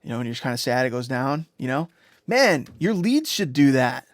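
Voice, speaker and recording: On a livestream, a music producer explains sound design in an excitable, rambling way, swearing often and ending lines with "right?" and "you know?" His voice is mid-range, his speed normal, and the background is noisy.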